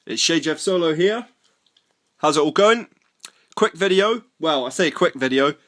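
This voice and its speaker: Chatty man, fairly high voice. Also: animated, unhurried, a bit bright. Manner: chatty, self-deprecating, rambling. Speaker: toy collector vlogger. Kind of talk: casual unboxing chat.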